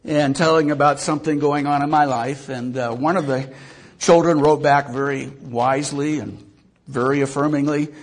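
A man's voice: on the high side, steady tone, moderate pace. An older man preaching a sermon to his congregation, folksy and self-mocking, with asides to the listeners. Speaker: pastor.

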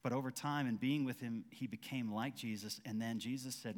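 A man's voice: medium pitch, fairly even intonation, a little fast, few pauses, big-room sound. A man preaching a conversational sermon as pastor, acting out quoted dialogue with frequent restarts.

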